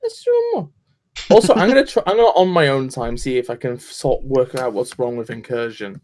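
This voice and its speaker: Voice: medium pitch, a little fast. A streamer from the north of England with a mild northern English accent, telling stories in casual, sweary chat. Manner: swearing, animated storytelling. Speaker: streamer co-host.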